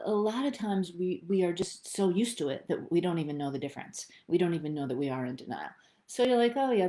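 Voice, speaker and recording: Chatty lower-voiced woman teaching tapping. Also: darkish tone. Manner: chatty, upbeat and thinking aloud. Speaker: EFT tapping practitioner. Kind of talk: live online teaching.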